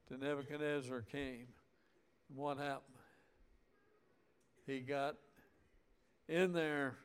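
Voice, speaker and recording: A man preaching a sermon, reading scripture aloud and explaining it in a folksy, deliberate way, stretching out words for emphasis. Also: mid-range voice, vocal fry, clear, resonant tone.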